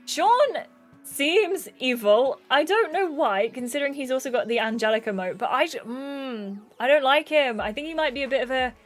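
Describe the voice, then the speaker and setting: Excitable young woman gushing over a game. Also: high-pitched, brisk, hardly any pauses, faint music behind. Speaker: gaming YouTuber. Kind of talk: reading a dating game aloud with commentary.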